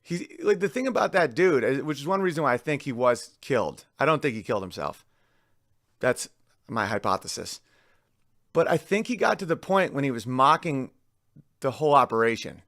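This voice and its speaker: A man's voice: medium pitch, lively intonation, normal speed, a bit bright, no echo, studio quality. A man hosting a casual monologue, rambling with frequent restarts, with faint music in the background. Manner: rambling, restarts often, sings lyric snippets. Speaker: podcast host.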